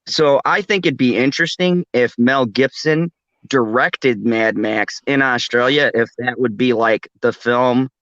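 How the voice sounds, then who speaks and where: A man's voice: mid-range voice, unhurried, a bit bright, dry recording, lo-fi sound. A man hosting a casual late-night chat, rambling and laughing often. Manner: laughs often, rambling, does a mock Australian accent. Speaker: podcast host.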